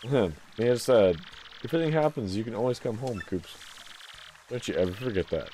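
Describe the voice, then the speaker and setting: A man doing a soft-spoken proud turtle dad. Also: lowish voice, animated, a little hiss or hum, natural voice. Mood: fatherly. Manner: slow, soft, fatherly. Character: older male turtle father, calm and proud. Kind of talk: voicing game dialogue during a playthrough.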